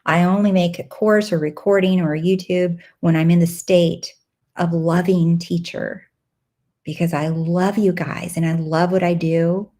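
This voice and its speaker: A bubbly woman chats through a live-stream Q&A, with a slightly low speaking voice that jumps up into excited squeals. She talks in a casual, animated way, acting out her own inner dialogue. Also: measured pace. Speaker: live Q&A host and coach.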